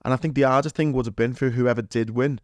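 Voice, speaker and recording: Here a Liverpool-accented man talks quickly in a mid-range, slightly mellow voice with fairly even intonation, recorded without echo. He's a podcast guest winding through a rambling anecdote, leaning on fillers and performing the quotes, all in a casual storytelling tone.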